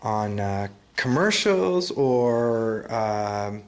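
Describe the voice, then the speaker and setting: A man hosting an interview, talking slowly and haltingly with many fillers and restarts. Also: fairly low pitch, animated, roomy sound. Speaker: interviewer and voice actor. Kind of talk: casual interview chat.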